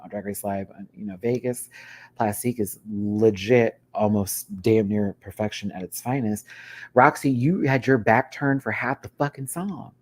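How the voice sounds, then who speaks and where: A man giving a casual, profane rant review as a vlogger. He swings from low muttering to loud exclamations and scats beats aloud.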